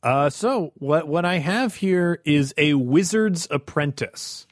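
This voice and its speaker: A man's voice: on the high side, expressive, takes it slowly, dry recording, studio quality. A man co-hosting a podcast, encouraging and coaching the others in casual chat.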